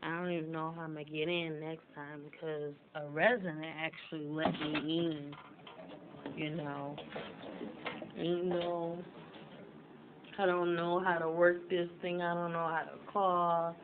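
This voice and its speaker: A woman talks straight into her phone, venting in a fairly low voice. She gets loud and tense when something frustrates her. Steady outdoor noise sits clearly behind her. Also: a little slow, phone-quality sound. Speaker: vlogger. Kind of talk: casual vlog to camera.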